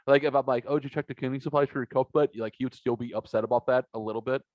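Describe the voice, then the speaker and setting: A man co-hosting a casual podcast, telling animated stories, acting out other people's voices and swearing freely. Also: medium pitch, racing, dry recording. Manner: animated storyteller, acts out quoted voices, swears. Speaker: podcast co-host. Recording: dull, dry lo-fi recording.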